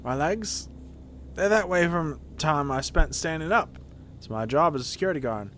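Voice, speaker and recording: Dude voicing a tired sarcastic security guard, grumbly and musing, faint hiss. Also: male voice, on the high side, lively intonation, moderate pace, fairly bright tone. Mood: grumbling. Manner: sardonic, musing, self-pitying. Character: weary, wry locked-up male security guard. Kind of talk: reading game dialogue aloud.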